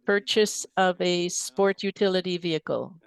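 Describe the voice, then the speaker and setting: A mayor chairing a city council meeting with brisk procedural calls for motions and votes. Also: medium pitch, fairly even intonation, gravelly, smooth.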